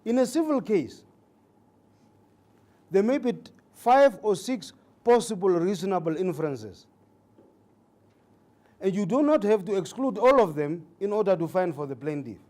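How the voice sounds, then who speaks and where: Male judge as lecturer: deliberate, emphatic, repeats key points, warm slightly raised voice, occasional fillers. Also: high-pitched, lively intonation. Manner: speaks with hesitations and fillers. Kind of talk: legal training lecture.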